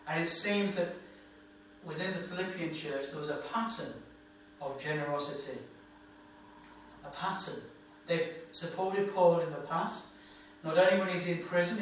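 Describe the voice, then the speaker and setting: A man preaching a sermon as a pastor, with an emphatic, repetitive cadence. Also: a little high. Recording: echoey room, distant mic, faint hum.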